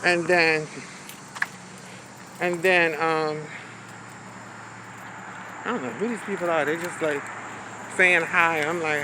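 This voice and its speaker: A woman's voice: low voice, steady tone, slow pace, long pauses, background noise. A woman telling a candid, sassy storytime in a casual vlog, recorded outdoors on a city street with a handheld phone. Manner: candid, sassy, says "honey" and "baby". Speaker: vlogger.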